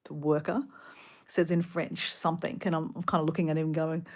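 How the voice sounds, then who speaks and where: A middle-aged Australian woman rambling casually about her day, chatty and animated, full of asides. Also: deep voice, fairly quick. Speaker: vlogger. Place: hotel room.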